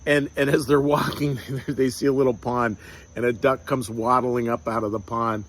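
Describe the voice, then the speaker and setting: A man leading a short devotional talk and guided meditation as a pastor, reflective and unhurried, often restarting his sentences, softening into slow prayer. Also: medium pitch, steady tone. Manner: soft, slow prayer and blessing.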